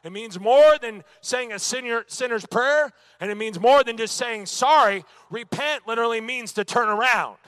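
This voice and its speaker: A man's voice: extremely high pitch, normal speed, few pauses, fairly bright tone, clean tone, no echo. Male Bible teacher, emphatic delivery, dry close sound. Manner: emphatic, punctuated with "amen" and rhetorical questions. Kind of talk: church Bible lesson.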